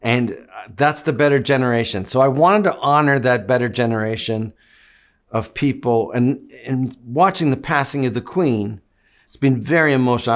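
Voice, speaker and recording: A man's voice: mid-range voice, moderate pace. A middle-aged man from Canada, an actor giving long, reflective interview answers. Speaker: actor guest.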